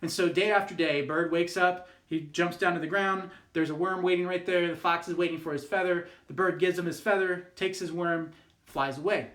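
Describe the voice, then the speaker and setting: A man's voice: high voice, steady tone, moderate pace, a bit bright, echoey room. A man, a youth pastor, telling a fable in a casual, rambling way, with lots of fillers and restarts. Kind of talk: youth group devotional talk.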